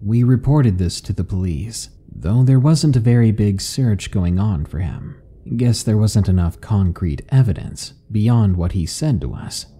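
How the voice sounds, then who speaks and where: A man narrating a horror story in a calm, measured, ominous delivery. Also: fairly low pitch, slightly rough. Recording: faint background music.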